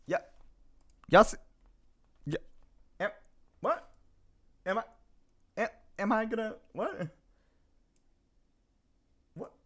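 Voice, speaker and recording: A man streaming live, chatting casually with his viewers, reading their messages aloud and greeting them in a playful way, with lots of giggling and sudden bursts of excitement. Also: sits high, extremely slow, long pauses.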